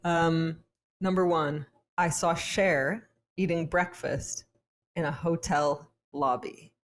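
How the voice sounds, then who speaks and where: A woman's voice: deep voice, steady tone, slow, a little hiss or hum. A woman co-hosting a podcast, telling stories in casual chat and laughing often. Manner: laughs often, storytelling with restarts. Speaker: podcast co-host.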